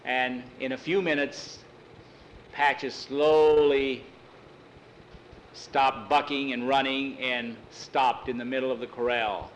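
A man telling a story aloud in a folksy, unhurried way, repeating "he says" between lines. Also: mid-range voice, level tone, a little hiss or hum, rough recording. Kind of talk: oral storytelling.

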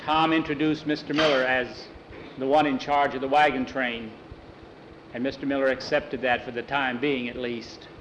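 A man's voice: mid-range voice, flat delivery, a bit bright, dull audio, slight background noise. Older man telling a folksy tale. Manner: unhurried, folksy telling with acted dialogue. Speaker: storyteller. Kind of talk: spoken storytelling.

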